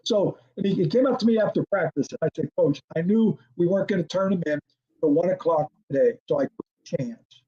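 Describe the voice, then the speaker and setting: Older man, high voice, lively storyteller, muffled lo-fi audio. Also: a little fast. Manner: animated storyteller, acts out quoted dialogue, laughs often. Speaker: guest, former football coordinator. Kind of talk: storytelling in an interview.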